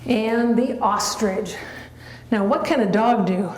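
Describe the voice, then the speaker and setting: With a slightly high voice and an unhurried delivery, a woman shows off her dog's tricks, chatting casually and offering short, patient, coaxing commands. The room is echoey, and faint background noise can be heard.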